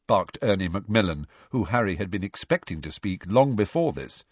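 Husky male audiobook narrator. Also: sits low, lively intonation, dry recording. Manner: measured storytelling. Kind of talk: scripted narration. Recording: dry, slightly dull recording.

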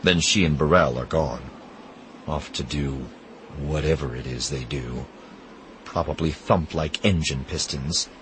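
A man narrating an audiobook in a measured, expressive storytelling manner. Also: rumbling low, noisy background.

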